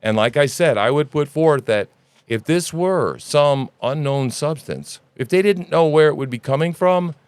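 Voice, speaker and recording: A man hosting a news commentary podcast, ranting in an animated, sarcastic and profane way. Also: on the high side, a little slow, clean tone, no echo. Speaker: podcast host.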